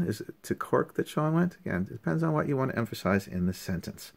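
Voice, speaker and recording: A man talking through a language lesson in a casual recap, halting often with fillers and restarts and sounding out words slowly. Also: mid-range voice, expressive, vocal fry, a little mellow. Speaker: language learner reviewing lessons.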